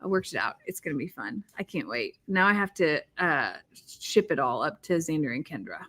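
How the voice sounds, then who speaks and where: A woman co-hosting a casual chat, speaking candidly and gratefully in a soft voice. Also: sits low, sing-song, brisk. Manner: candid, soft-spoken, thankful. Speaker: co-host.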